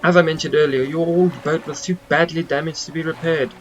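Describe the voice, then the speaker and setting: A man voicing a posh, smooth-talking English male mayor with formal, polished speech. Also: on the high side, steady tone, fairly quick, highs cut off, soft background music, lightly acted. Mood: courteous.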